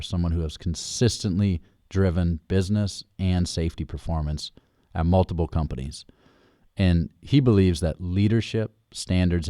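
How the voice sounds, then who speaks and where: A man with a very deep, dark, mellow voice, recorded close and dry. He hosts a podcast and frames his questions slowly and deliberately, laying out background before he asks. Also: no echo. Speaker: podcast host. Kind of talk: interview questions.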